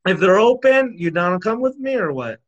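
A man's voice: high voice, big pitch swings, a little fast, lo-fi sound. A man co-hosting a podcast, teasing and pushing his friend, calling him bro. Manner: pushy, teasing, says "bro" a lot. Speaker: podcast co-host. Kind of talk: casual chat.

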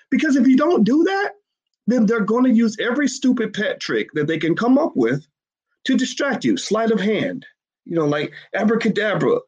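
Husky guy ranting on a livestream, keeps firing rhetorical questions, dull lo-fi sound. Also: high-pitched. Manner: emphatic, repetitive, rhetorical questions. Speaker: finance commentator. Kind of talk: livestream commentary to a chat.

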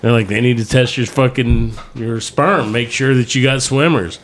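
A man's voice: medium pitch, normal speed, a little hiss or hum. A man hosting a podcast, telling a crude funny story full of swearing and quoting people as he goes. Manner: profane, laughing storyteller who acts out quotes. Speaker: podcast host.

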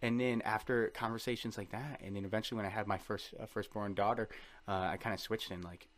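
Casual: guy in his 30s, talks fast and a bit low, rambly storyteller on a podcast. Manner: rambling storyteller, lively and joking. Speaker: podcast guest. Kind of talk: casual chat.

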